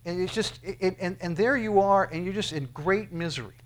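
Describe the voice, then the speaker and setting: Halting, conversational male preacher. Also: high voice. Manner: halting, repeats words and restarts often; conversational, asks the listeners questions. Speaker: pastor. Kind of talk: sermon, verse-by-verse Bible teaching.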